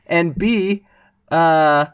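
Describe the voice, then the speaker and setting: A young man hosting a casual podcast discussion, thoughtful and halting, with many fillers and restarts. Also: a little high, clean tone, no room sound, clean studio sound. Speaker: podcast host.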